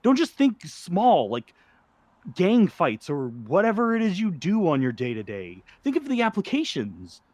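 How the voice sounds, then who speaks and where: A man's voice: medium pitch, a little slow, no echo, close to an everyday voice. A man doing a stammering, nervous schemer. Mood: grandiose. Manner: stammering, rambling, backpedaling. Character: nervous adult man, a scheming drug inventor.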